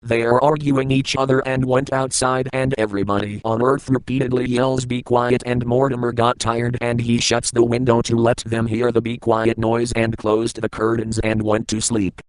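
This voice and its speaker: A man in a hotel room reading a children's picture book aloud, plain and halting, with small grammar slips. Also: medium pitch, little pitch movement, smooth, no room sound, poor audio.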